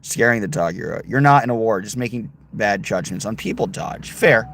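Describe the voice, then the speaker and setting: Lively-voiced man chatting on a livestream. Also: on the low side, moderate pace, gravelly, background noise. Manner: rambling, reads chat aloud, talks to his dog. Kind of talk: casual livestream chat. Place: outdoors and in a car on a road trip.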